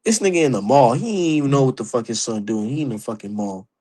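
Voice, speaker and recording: A man's voice: mid-range voice, very animated, fast talker, warm tone. A man ranting about boxing on his stream, heated, profane and mocking. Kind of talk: opinionated casual rant.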